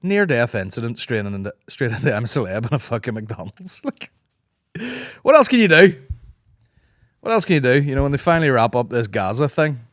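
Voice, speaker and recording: A man's voice: mid-range voice, animated, fast, few pauses, dry recording, studio quality. A man in his thirties with a Northern Irish accent, hosting a solo comedy podcast, rambling and swearing freely while acting out other people's voices, his throat sore. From Northern Ireland. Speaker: podcast host.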